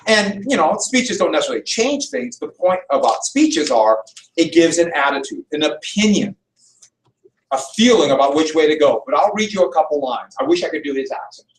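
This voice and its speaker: Guy lecturing history in an echoey hall, mic far away, animated storyteller. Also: a little high, a little fast. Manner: lively storytelling, acts out quotes. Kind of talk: classroom lecture.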